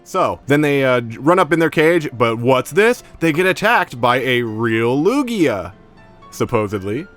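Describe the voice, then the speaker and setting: A man's voice: medium pitch, big pitch swings, measured pace, a bit bright, faint music behind. A man giving a casual, slangy episode recap as an anime reviewer, with profanity and lots of fillers.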